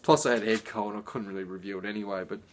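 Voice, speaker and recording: A middle-aged man talks through a beer haul in a loose, rambling way, piling up fillers and tangents. His voice sits a little low. A faint hiss of ambience runs underneath. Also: steady tone, very fast. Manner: rambling, chatty, with many fillers. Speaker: beer reviewer. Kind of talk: casual unboxing chat.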